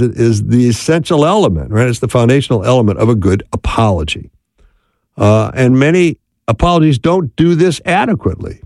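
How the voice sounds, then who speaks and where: Gravelly man teaching on marriage. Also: medium pitch, a little mellow, no echo, clean studio sound. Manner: conversational, keeps asking "right?". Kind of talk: talk on marriage.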